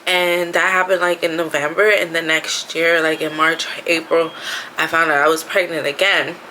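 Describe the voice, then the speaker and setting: A woman's voice: deep voice, little pitch movement, normal speed, bright, forceful tone, slight background noise, low-quality recording. A woman vlogging from her bathroom at home, talking casually about her pregnancy with lots of "like" and "you know". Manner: chatty, frequent fillers "like" and "you know". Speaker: vlogger, expecting mother. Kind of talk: casual chatty vlog.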